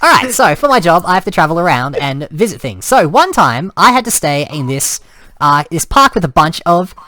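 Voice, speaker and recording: A man's voice: fairly high pitch, big pitch swings, normal speed, pushed and bright, no echo. A man telling a story in a casual way, acting out cries and sounds and often restarting his sentences. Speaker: storyteller and host.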